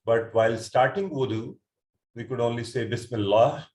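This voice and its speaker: A man's voice: mid-range voice, normal speed, darkish tone, reverberant. A man teaching an online class, explaining word meanings patiently step by step, with hesitant fillers and restarts. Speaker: Quran teacher. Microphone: computer mic on an online call.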